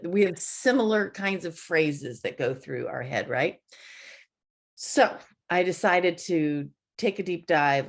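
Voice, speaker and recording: A woman preaching a conversational sermon, chatty and quick to laugh. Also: fairly low pitch, creaky. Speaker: church speaker.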